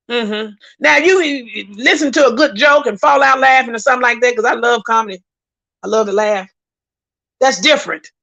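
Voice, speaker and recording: A woman hosts a casual livestream, talking emphatically and circling back to repeat her points. Her voice sits high and sounds bright and forceful. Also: creaky, dull audio. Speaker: host reading viewer comments.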